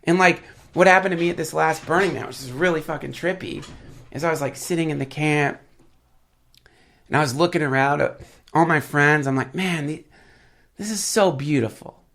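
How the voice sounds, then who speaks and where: Sniffly man with a gravelly voice. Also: fairly high pitch, steady tone, fairly quick, fairly bright tone. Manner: rambling, filler-heavy, profane storytelling. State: sniffly with a head cold. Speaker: podcast guest. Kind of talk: casual podcast chat.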